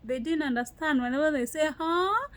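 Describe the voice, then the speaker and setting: A woman's voice: on the high side, normal speed, poor audio. A young Kenyan woman with a Kenyan accent, chatting animatedly in a casual vlog and restarting her sentences often. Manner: animated storytelling with frequent laughs and restarts. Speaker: vlogger. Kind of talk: casual chat.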